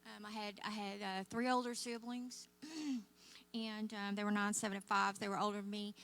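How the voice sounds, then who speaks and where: An older woman with a Southern twang speaks to a church crowd, chatty and folksy, often laughing at herself. Her voice is bright and forward, at a middle pitch for a woman. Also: level tone, moderate pace, vocal fry. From Oklahoma, USA. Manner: warm folksy storytelling, frequent laughs and fillers. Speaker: guest speaker. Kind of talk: testimony talk to a church audience.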